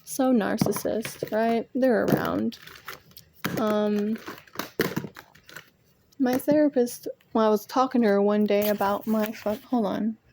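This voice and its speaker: A woman's voice: mid-range voice, steady tone, slow, vocal fry, long pauses, noisy background. A woman venting in a casual monologue to viewers, rambling and swearing often, with self-mocking laughs, recorded on a phone propped up at home among her art supplies. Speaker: vlogger. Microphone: phone propped nearby.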